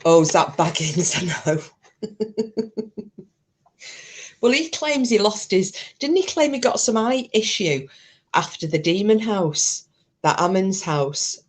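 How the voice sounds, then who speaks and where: A woman's voice: mid-range voice, expressive, slow pace, pauses often, a little hiss or hum. A woman chatting casually and bluntly on a live stream, swearing freely as she talks to her viewers.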